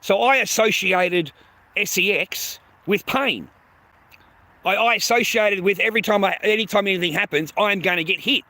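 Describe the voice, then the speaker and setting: A man's voice: high-pitched, normal speed, pushed and bright. A man hosting a livestream, ranting bluntly and profanely at his chat, repeating himself and calling viewers mate and bro. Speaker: livestream host. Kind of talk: casual livestream rant to chat.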